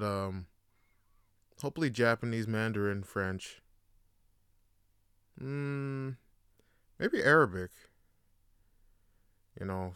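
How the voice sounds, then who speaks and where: A young man hosting a casual solo podcast, telling slangy, animated stories and laughing often. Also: lowish voice, smooth, dry recording, clean studio sound. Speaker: podcast host.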